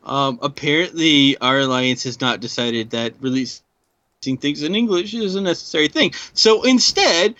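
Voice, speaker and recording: A man's voice: on the high side, bright, forceful tone, highs cut off. A man co-hosting a podcast, chatting casually and teasing with jokes. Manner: joking, teasing. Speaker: podcast co-host. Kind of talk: casual chat.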